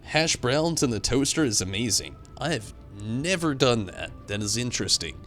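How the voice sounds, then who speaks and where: A young man streaming a game, rambling through animated stories and chatting with viewers at a desk mic. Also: medium pitch, moderate pace, faint music behind. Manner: rambling, animated storytelling with swings into loud outbursts; reads out and answers viewer chat. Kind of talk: casual live-stream commentary.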